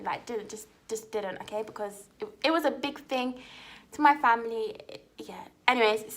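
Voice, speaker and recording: Young woman chatting to camera, tells her story, kinda high voice, lots of "like" and "okay?". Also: fairly bright tone. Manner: chatty, frequent "like" and "okay?" check-ins. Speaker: vlogger.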